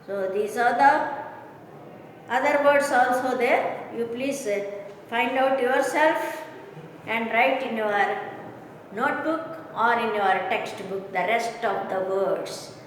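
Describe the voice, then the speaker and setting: Woman teacher, high pitch, slow and repetitive pronunciation lecture, recorded far from the mic in a reverberant room. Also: slight background noise. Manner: slow, repetitive, keeps checking students understand. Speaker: English teacher. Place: classroom or room with a board.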